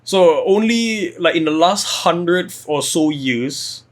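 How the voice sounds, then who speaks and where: A man's voice: on the high side, slow pace. A young man co-hosting a podcast, rambling and swearing in casual chat. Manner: rambling, profane, animated. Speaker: podcast co-host.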